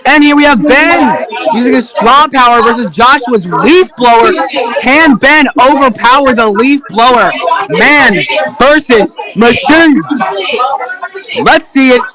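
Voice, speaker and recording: A young man with a very high voice calls the action as a commentator, his delivery excitable and quickening into repeated calls as races tighten. He is recorded in a noisy indoor room, with a chanting, cheering crowd loud behind him. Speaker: race commentator. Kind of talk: live play-by-play commentary.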